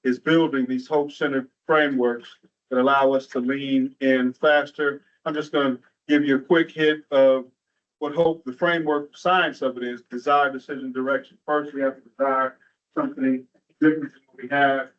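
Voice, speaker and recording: A man's voice: medium pitch, steady tone, moderate pace, a bit bright. Man telling stories at a training event. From Atlanta, US. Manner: rhythmic, storytelling delivery with rhetorical asides. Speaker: keynote speaker at a training. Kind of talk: motivational storytelling talk. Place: large room at a training event. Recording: muffled, distant from the mic.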